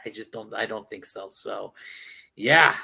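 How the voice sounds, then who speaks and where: A man co-hosting a sports talk show, joking in a casual, animated way and often acting out what people said. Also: lowish voice, measured pace, creaky, breathy edge. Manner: animated, joking, mock-quoting people, repetitive.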